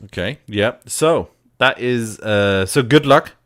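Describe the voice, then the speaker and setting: With a medium-pitched, slightly bright voice, a man talks slowly and playfully to himself at his computer. He is a co-host of a casual tabletop wargaming live stream.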